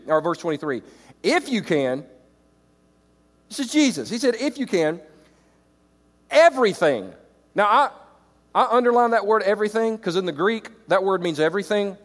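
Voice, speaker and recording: A middle-aged man preaching to church leaders, animated, swinging between loud exclamations and quiet reflective stretches. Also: high-pitched, normal speed. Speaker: pastor. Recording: reverberant hall.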